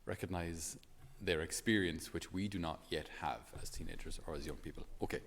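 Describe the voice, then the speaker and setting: A man's voice: low-pitched, fairly quick, in a large hall. An Irish man, a priest, giving a homily in a chatty, storytelling way with many fillers.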